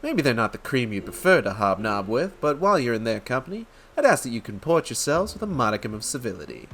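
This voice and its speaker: A man voicing a charming, smooth-talking male rogue in a game, with a theatrical British-tinged drawl. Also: medium pitch, very animated, quick pace, a bit bright, slight background noise. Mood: roguish.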